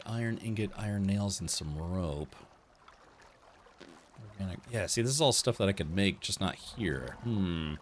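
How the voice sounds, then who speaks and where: Guy streaming a game, kinda low voice, chatty and easily sidetracked. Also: animated, unhurried, a little hiss or hum. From United States. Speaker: streamer host. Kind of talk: let's play commentary.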